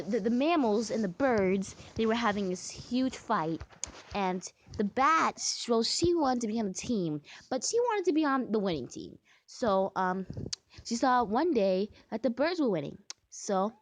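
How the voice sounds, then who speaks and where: A woman's voice: fairly high pitch, animated, normal speed. A young woman chatting casually while she plays a game, singing made-up songs and breaking into sudden frustrated squeals. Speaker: gaming vlogger.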